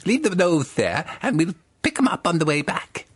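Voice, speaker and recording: A man's voice: a little high, very animated, normal speed, a bit bright, slightly rough, no room sound, voice pushed up, full character voice. A man voicing a naive, eager grown man who speaks in an innocent tone in a comic storybook reading.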